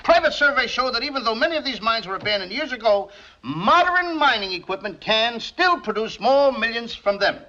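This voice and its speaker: Flustered stammering speechmaker. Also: male voice, very high-pitched, expressive, brisk, sharp tone, heavily acted. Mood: orating. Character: bumbling nervous American man giving a speech. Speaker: speech-giving pupil. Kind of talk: 1940s film comedy acting. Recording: dull old film soundtrack with faint noise.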